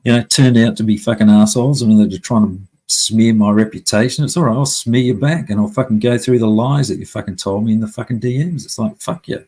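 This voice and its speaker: Male streamer, husky, blunt and profane, venting to chat. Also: lowish voice, brisk, few pauses, warm tone, rough recording. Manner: heavy swearing, angry and blunt. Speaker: live stream host. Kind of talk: casual live-stream rant.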